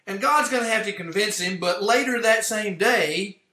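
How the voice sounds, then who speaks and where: A man preaching a sermon, teaching from an outline in an earnest, measured way and explaining his points step by step. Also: high-pitched, bright, forceful tone. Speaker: pastor. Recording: echoey room.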